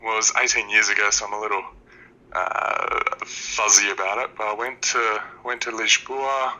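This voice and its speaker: A laid-back Australian man in his thirties calls in to chat on a show. His voice sits very low but has a hard, tense edge. He explains things plainly and easily. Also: flat delivery, moderate pace, pushed and bright, lo-fi sound. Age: 30s. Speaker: caller. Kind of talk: casual call-in chat.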